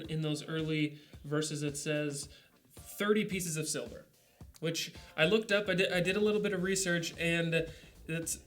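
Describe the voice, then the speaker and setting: A man talks through a devotional in an easy, rambling way, peppering his sentences with "like" and "kinda." His voice sits a little higher than most men's. Soft instrumental music plays faintly underneath. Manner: relaxed, rambling, full of "like" and "kinda". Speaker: devotional leader. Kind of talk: casual devotional teaching.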